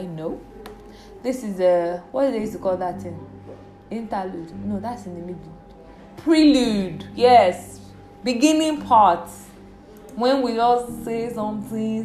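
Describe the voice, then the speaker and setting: A woman with a Nigerian accent hosting her own podcast in a casual, playful, chatty way, jumping between loud bursts and quiet asides. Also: fairly low pitch, echoey room. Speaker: podcast host. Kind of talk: casual solo podcast chat.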